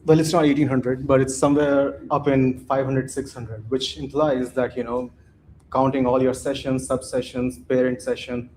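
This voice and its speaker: This conference speaker gives a technical talk live, his mid-range voice mellow and darkish with a flat delivery. Faint hiss runs under the audio as he restarts sentences and tosses in quick "right?" checks in a loose, conversational style.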